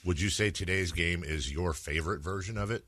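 A man in his forties from the Bay Area hosting sports talk radio, joking and quick to laugh as he chats. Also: sits low, a bit bright, no room sound. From San Francisco Bay Area. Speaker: radio sports show host.

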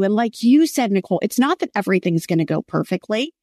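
A woman's voice: fairly high pitch, big pitch swings, a little fast, hardly any pauses, a little mellow, no room sound, studio quality. A woman author as a guest in a faith interview, telling personal stories in an earnest, heartfelt way.

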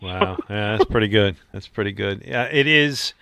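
Middle-aged male radio host, emphatic, bright voice, dry studio sound. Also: on the low side, moderate pace, creaky, no room sound. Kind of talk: sports talk radio chat.

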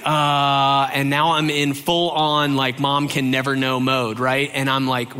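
A man's voice: a little slow, hardly any pauses, clean tone. A man from Georgia, USA, telling a funny childhood story, acting out the quotes with big jumps in his voice. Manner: animated, acts out quotes with big pitch jumps. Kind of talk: comic storytelling. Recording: long hall reverb.

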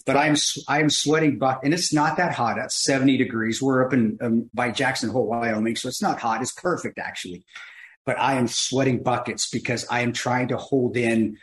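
A man's voice: medium pitch, moderate pace. Laughing man telling war-story jokes. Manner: animated, laughs while telling stories. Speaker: guest. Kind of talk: casual storytelling. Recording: roomy echo.

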